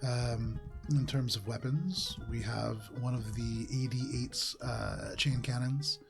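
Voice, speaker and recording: A man doing a quiet, flat-toned corporate dealer. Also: mid-range voice, slow, gravelly, over music, pitched below the performer's own voice. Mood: businesslike. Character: bland, businesslike male arms dealer in sunglasses.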